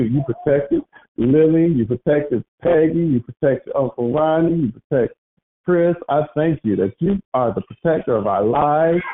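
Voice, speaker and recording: A man hosting a prayer phone line, praying aloud in a lively, preacherly way. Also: medium pitch.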